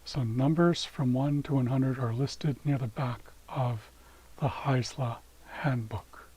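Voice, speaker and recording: A man teaches words during a screen-share lesson, taking his time. His voice has a husky, breathy edge, and he says each new word twice so the listener can copy it. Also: medium pitch, steady tone, slow, darkish tone, poor audio. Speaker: language teacher.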